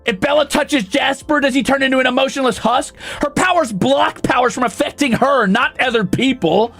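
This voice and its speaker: A man's voice: very high voice, normal speed, creaky, fairly bright tone, faint music behind. A man streaming, ranting in an exasperated, profane and sarcastic way.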